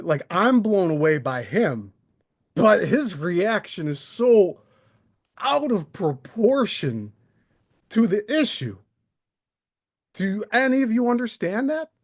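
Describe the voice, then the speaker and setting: A man hosting a live stream, airing his grievances in a sarcastic, aggrieved rant. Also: high-pitched. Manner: aggrieved, sarcastic, mocking impressions.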